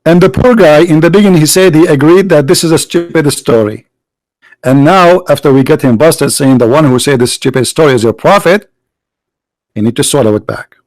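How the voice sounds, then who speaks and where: A man's voice: on the high side, a little fast, darkish tone, dry recording, low-quality recording. A man hosting a livestream debate, mocking and sarcastic, firing off rhetorical questions in non-native English.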